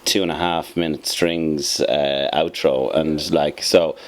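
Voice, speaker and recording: A man's voice: rumbling low, fairly even intonation, takes it slowly. A man from a band speaking hesitantly in a casual interview, with many restarts and fillers. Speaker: band member.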